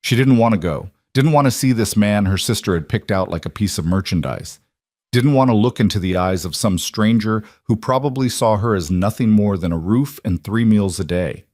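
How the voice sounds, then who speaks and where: A man giving scripted narration of a frontier romance story in a steady, even manner. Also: fairly low pitch, moderate pace, dry recording, studio quality.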